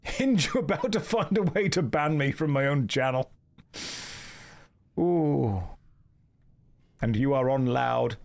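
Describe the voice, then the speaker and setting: A man with a British received pronunciation accent, chatting casually as a streamer during a game with dry, deadpan jokes. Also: mid-range voice, slow pace, creaky, long pauses.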